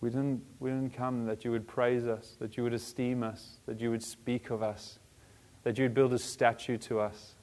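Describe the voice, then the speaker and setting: A man in his forties preaching a sermon as a pastor, animated, joking with the congregation and swinging between soft and loud. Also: mid-range voice, normal speed. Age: 40s. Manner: animated, varies loudness, jokes with congregation.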